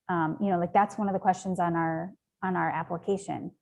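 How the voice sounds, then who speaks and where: A woman's voice: fairly low pitch, steady tone, normal speed, gravelly, few pauses. A woman speaking as an interview guest, earnest and rambling, with frequent ums and likes. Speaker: nonprofit founder, interview guest. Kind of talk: conversational interview.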